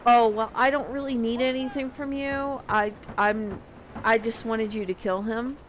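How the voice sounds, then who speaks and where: A woman's voice: fairly high pitch, fairly even intonation, a little slow, slight background noise, natural voice, low-quality recording. A woman voicing an offhand, dismissive female apothecary from a game.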